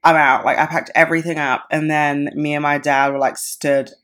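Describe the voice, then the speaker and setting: A woman's voice: low voice, flat delivery, moderate pace, fairly bright tone, clean tone. A woman in her twenties hosting a podcast, telling a personal story in a casual, unscripted way, swearing freely and acting out the dialogue. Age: 20s. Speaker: podcast host.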